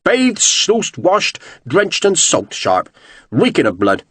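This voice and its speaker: A man's voice: a little high, very animated, moderate pace, no room sound. A man voicing a tall, fair-haired naval captain with a Devonshire accent, friendly and wry.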